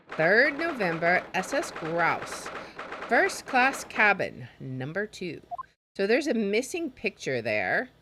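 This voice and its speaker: A woman streamer giving chatty, excitable commentary as she plays a game. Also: fairly low pitch, noisy background. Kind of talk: gaming livestream commentary.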